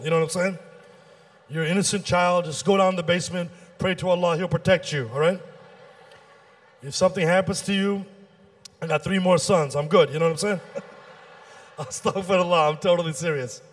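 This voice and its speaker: A fairly high-pitched man working a stand-up set as the show's emcee. He tells his stories with lots of energy, jumping into different voices to act out each conversation. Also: moderate pace, pauses often. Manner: animated storytelling, acting out dialogue with shifts in pitch.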